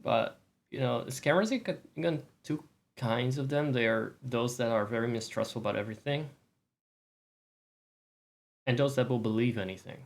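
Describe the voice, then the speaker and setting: Male streamer with a mid-range voice, soft, rambling, self-deprecating, low-key chat. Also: moderate pace, creaky, long pauses. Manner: soft-spoken, rambling, self-mocking with light laughs. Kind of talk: quiet casual chat.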